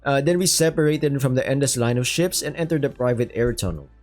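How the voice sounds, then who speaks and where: Man, story reading, casual, joking asides, mid pitch, faint background music. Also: animated, a little fast, darkish tone. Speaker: story reader and commentator.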